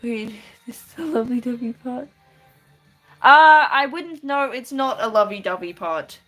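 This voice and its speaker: A woman's voice: fairly high pitch, expressive, unhurried, fairly bright tone, faint music behind. A woman casually chatting on a live stream while she draws, giggling often and answering viewers with lots of restarts. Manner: giggly, chatty, reads chat aloud and answers with many restarts.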